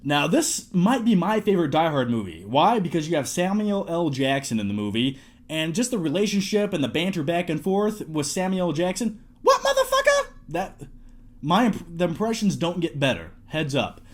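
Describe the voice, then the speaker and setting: A man in his twenties talking casually to camera, reviewing his movie collection in a jokey, excitable way. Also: fairly high pitch, normal speed. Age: 20s.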